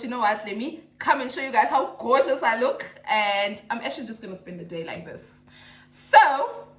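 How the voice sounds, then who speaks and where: A woman's voice: medium pitch, bright, forceful tone. Chatty South African woman, roomy echo. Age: 30s. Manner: chatty, emotional, rambling with restarts. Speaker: vlogger and mother. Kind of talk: casual chat to camera.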